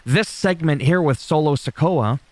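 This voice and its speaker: A man's voice: a little high, moderate pace, a little mellow, dry recording. A man talking casually as he recaps a wrestling show on his channel, rambling, chatty and loose, with some swearing.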